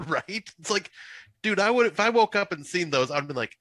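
Man, podcast guest, casual chat, laughs a lot, jokey asides, lively animated pitch, dry sound. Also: moderate pace, no room sound. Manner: laughs often, jokey interjections. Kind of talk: casual movie recap chat.

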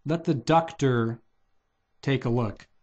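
A man voicing a brash, bumbling male cartoon duck playing doctor, with loud, showy exclamations. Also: medium pitch, slow pace, close to an everyday voice.

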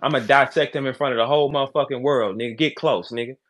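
A man hosting a live audio call, trash-talking loudly and then turning low and calm. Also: fast. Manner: loud, brash trash talk, swings to low calm. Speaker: battle rap host.

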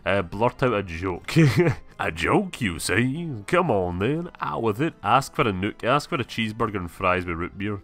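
A man's voice: on the low side, sing-song, normal speed, fairly bright tone. A man giving gameplay commentary, reading game text aloud, swearing and laughing. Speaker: gameplay streamer. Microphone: webcam mic.

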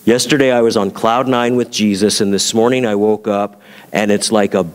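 A man's voice: fairly low pitch, fairly even intonation, moderate pace, clear, resonant tone, long reverb tail. A man preaching as a pastor, talking in a conversational way and asking his congregation rhetorical questions. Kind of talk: sermon.

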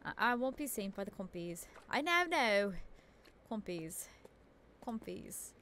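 A woman's voice: mid-range voice, big pitch swings, measured pace, fairly bright tone, a little hiss or hum. A woman giving chatty, self-talking commentary while playing a video game, often giggling. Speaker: gaming streamer. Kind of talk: casual let's-play commentary.

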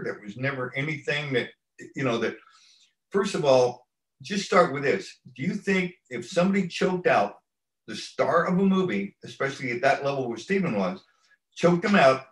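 A man's voice: fairly high pitch, expressive, normal speed, a bit bright, echoey room, rough recording. A man in an interview telling a long story at an easygoing ramble, acting out what people said. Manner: rambling anecdotal delivery, acts out quoted lines. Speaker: stunt coordinator, interview guest.

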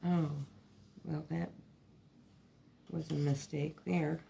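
A woman with a lowish voice hosts a casual painting tutorial. She talks through each step as she works, chatty and a little self-deprecating. A faint hum sits behind her. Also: level tone, takes it slowly, vocal fry, dark tone. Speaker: art channel host.

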